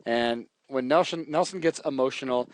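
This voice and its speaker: A man teaching programming in a relaxed, jokey way while he types, walking through code on a live stream. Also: mid-range voice, moderate pace, dry recording. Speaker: programming instructor. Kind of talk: live coding tutorial.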